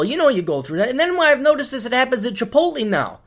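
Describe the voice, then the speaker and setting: A man's voice: very high-pitched, big pitch swings, fast, fairly bright tone. Middle-aged guy podcast rant, blunt and sweary, voice jumps all over. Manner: profane, sarcastic, blunt. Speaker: podcast host. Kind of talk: solo ranting podcast monologue.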